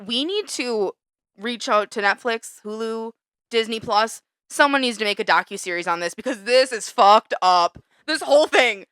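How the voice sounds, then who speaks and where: A young woman rants on a podcast, angry and animated, with a bright, slightly high voice. She swears freely and her pitch leaps when she gets worked up. The sound is close and dry. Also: moderate pace, clean tone, dry recording. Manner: heated, ranting, swears a lot; animated, big jumps in pitch when fired up. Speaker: podcast co-host. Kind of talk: casual chat. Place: small studio under a lamp.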